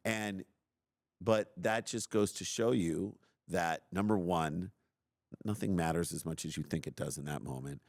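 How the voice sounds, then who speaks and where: A middle-aged man hosting a podcast, telling a personal story in an animated, self-deprecating way and acting out his own outbursts. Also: deep voice, measured pace, no room sound, clean studio sound. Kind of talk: casual storytelling.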